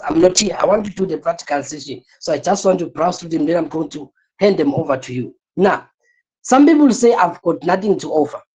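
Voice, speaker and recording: A woman's voice: on the low side, breathy edge, low-quality recording. A woman teaching an online class, lecturing with energy, repeating her points and asking the listeners rhetorical questions.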